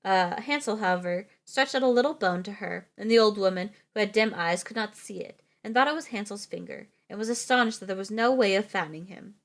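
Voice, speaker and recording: Young woman, streamer, reading fairytales aloud, chatty asides, laughs easily, middle pitch. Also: fairly quick, few pauses.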